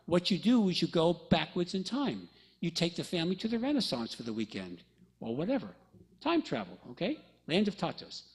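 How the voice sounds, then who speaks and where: Husky-voiced man telling a story. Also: high voice, sing-song, fairly quick. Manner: jokey, chatty, addresses the audience with "okay?". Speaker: lecturer. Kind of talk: storytelling talk to an audience.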